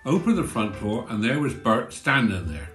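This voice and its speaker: A man's voice: medium pitch, sing-song, moderate pace, a bit bright. A man, telling comic village stories in a chatty, folksy way. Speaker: storyteller. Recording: roomy with faint guitar.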